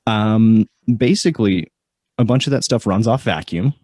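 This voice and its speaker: A man's voice: fairly low pitch, animated, normal speed, darkish tone, no room sound, studio quality. A man co-hosting a motorcycle podcast, casually chatting and reading out a listener email, joking at his own slips. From California. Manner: self-deprecating, laughs at own slips. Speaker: podcast co-host.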